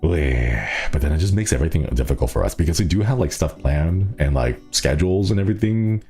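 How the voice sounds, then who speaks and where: A man's voice: rumbling low, animated, fast, gravelly, hardly any pauses, mellow, faint music behind. A man with a stuffy nose, chatting playfully and rambling on a casual stream from a small city apartment.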